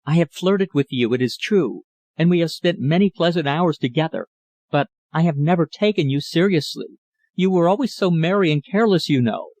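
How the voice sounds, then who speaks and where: A man reading an audiobook, voicing a grave young woman who turns down a suitor in a cool, earnest manner, her voice low and sweet. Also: moderate pace, darkish tone, dry recording, close to an everyday voice. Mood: firm refusal.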